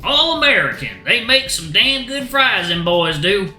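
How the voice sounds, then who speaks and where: Guy putting on a cocky young tomcat, fake texan drawl, slow and mocking, roomy sound with faint music. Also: sits high, very animated, pushed and bright, pitched above the performer's own voice, exaggerated voice. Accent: put-on Texan. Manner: cocky and teasing.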